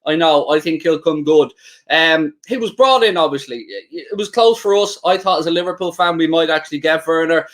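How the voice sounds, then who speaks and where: Co-hosting a live football watchalong stream, a man with a fairly high, fairly bright voice speaks a little fast, bantering casually and reading viewer comments.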